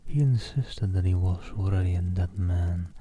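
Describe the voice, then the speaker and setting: A man reading a novel aloud as an ASMR streamer, in soft whispered narration close to the mic. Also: deep voice, moderate pace, breathy edge.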